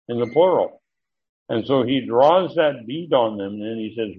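A man teaching a Bible study, deliberate and emphatic, pausing often with fillers. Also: mid-range voice. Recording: muffled lo-fi recording.

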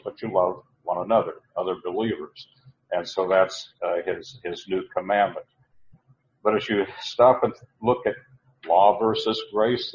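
A man giving a verse-by-verse Bible teaching, halting and restarting often, slowing down to stress key words. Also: lowish voice, darkish tone, dull audio. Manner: halting, with many restarts and uhs.

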